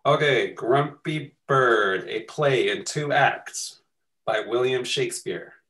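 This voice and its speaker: Slow, measured middle-aged man. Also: mid-range voice, poor audio. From Canada. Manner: gentle, measured, guiding questions. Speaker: co-author and moderator. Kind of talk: casual conversation. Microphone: video call.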